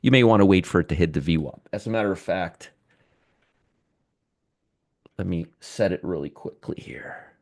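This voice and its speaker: On his live stock market stream, a middle-aged host chats, reads viewer comments, and teases the people watching. His low voice moves at a normal speed with long pauses, and there's no echo.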